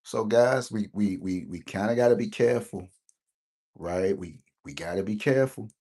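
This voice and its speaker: With a warm, lowish voice at a moderate pace, a middle-aged man hosting a lottery channel tells his viewers a wandering personal story. He keeps checking in with "right?".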